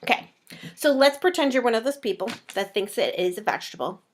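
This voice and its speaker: A woman's voice: on the high side, animated, a little fast, slight background noise. A young woman giving a casual meal planning tutorial, chatty and playful, acting out viewers' reactions in little voices. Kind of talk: casual talking-head tutorial.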